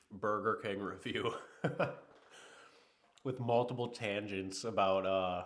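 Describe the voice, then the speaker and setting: A man with a low voice, hosting a casual livestream while a little under the weather. He rambles in an easygoing way and talks straight to his chat. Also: steady tone, measured pace, a bit bright. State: sick. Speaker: livestream host.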